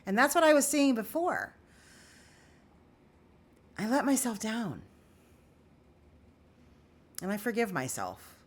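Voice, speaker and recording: A woman's voice: on the high side, huge pitch swings, slow, long pauses. A woman vlogging candidly to her viewers in an earnest, confessional way on an emotional day. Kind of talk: candid personal vlog.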